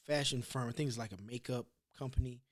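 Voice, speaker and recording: A man's voice: mid-range voice, fairly even intonation, fast. A man hosting a podcast, telling rambling, profane stories in casual chat. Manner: rambling storyteller, loose and profane. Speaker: podcast host.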